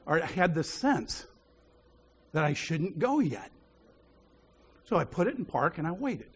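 A man's voice: fairly high pitch, sing-song, unhurried, slightly rough. A man preaching a sermon, telling a personal story with frequent chuckles. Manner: chuckles often while telling stories.

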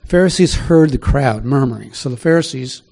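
A male pastor teaches from scripture in a relaxed, conversational sermon, often stopping to ask his listeners questions. His voice has a dark, mellow tone at a mid pitch. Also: normal speed, gravelly, breathy edge.

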